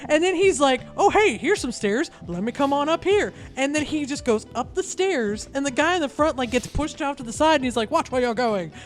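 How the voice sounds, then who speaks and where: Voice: high-pitched, fairly quick, hardly any pauses, faint music behind. A podcast co-host chatting casually and acting out the voices in a story. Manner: animated storyteller, acts out voices. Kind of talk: casual chat.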